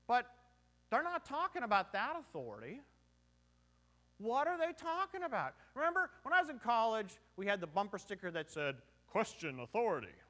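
High, bright-voiced joking man preaching. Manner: conversational, joking, rhetorical questions. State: short on sleep. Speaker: pastor. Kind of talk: sermon.

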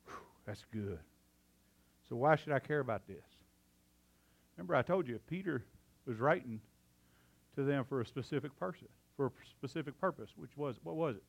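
A man preaching a sermon, excitable and out of breath, swinging from loud fervor to hushed emphasis. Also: mid-range voice, normal speed, vocal fry, pauses often. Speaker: pastor.

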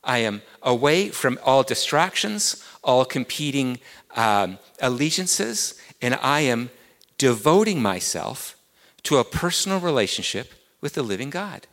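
A man's voice: medium pitch, very animated, measured pace, a bit bright. English guy preaching a sermon, earnest, keeps repeating key words, echoey hall, mid voice. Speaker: pastor.

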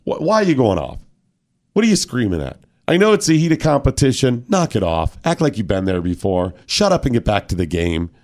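A man's voice: medium pitch, wildly swooping pitch, fairly quick, darkish tone. A man hosting a talk radio show, ranting emphatically with mocking quotes. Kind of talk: opinionated talk radio commentary.

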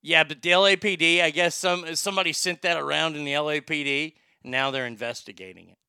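A man hosting a crude comedic talk show, profane and excitable, laughing at his own jokes. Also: fairly high pitch, fast talker, clear, resonant tone, dry recording, clean studio sound. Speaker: show host.

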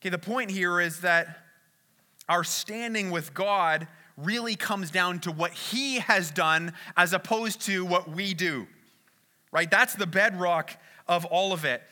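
A man's voice: sits high, unhurried, bright, forceful tone. A man preaching a conversational sermon, often checking in with "right?" and restarting phrases. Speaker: pastor.

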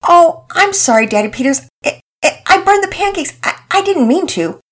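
A woman's voice: extremely high pitch, very animated, moderate pace, fairly bright tone, voice pushed up, exaggerated voice. A woman putting on a stammering anxious young girl. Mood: flustered, apologetic. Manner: stammering, breathless apologies.

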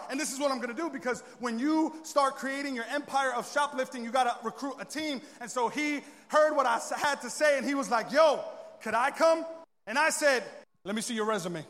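A young man preaching a sermon, telling a funny story and acting out the dialogue with lots of energy. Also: very high-pitched. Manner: animated, joking, acts out dialogue. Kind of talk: sermon storytelling to a live audience. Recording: long reverb of a large hall.

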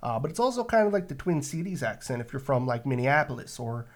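A man's voice: mid-range voice, sing-song, quick pace. A man with a San Francisco Bay Area accent, co-hosting a podcast in casual chat, explaining at length with many fillers and restarts. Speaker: podcast co-host.

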